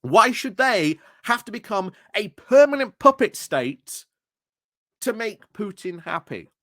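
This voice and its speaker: Guy ranting slow and annoyed at a political clip, dry close mic. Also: high-pitched, very animated, a bit bright, no echo. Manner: indignant, repeats rhetorical questions, stumbles over words. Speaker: political commentary YouTuber. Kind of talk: reaction commentary.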